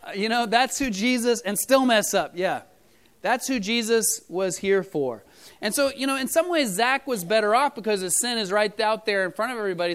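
In a church audio recording, a middle-aged man preaches a casual sermon to his congregation in a loose, storytelling style full of fillers. His high voice is clean and somewhat bright.

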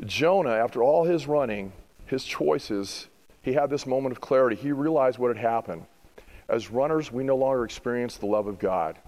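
A middle-aged male pastor preaching a sermon, building to emphatic rhetorical questions and then easing into softer, reflective passages. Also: medium pitch, normal speed, long reverb tail, poor audio.

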